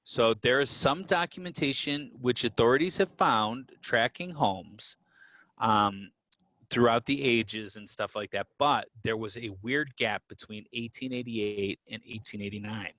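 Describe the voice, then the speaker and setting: A podcast co-host with a middling-pitched voice explains history in an unhurried, loose, conversational way, with easy asides, fillers, and restarts. The audio is close and dry, with no room echo.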